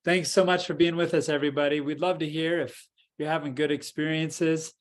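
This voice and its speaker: A man co-hosting a podcast, guiding a meditation and then chatting calmly and reflectively. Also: a little high, fairly quick. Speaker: podcast co-host. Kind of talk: guided meditation and casual talk.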